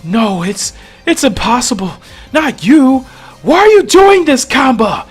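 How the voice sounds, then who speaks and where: A man doing a shouting young warrior hero. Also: sing-song, measured pace, slightly rough, faint music behind, full character voice. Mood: anguished. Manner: high strained shouting.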